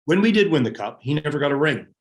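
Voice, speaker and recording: A middle-aged man, a former hockey goalie, telling lively locker-room stories as a guest. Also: fairly high pitch, quick pace. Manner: animated, laughing anecdotes. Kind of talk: casual storytelling.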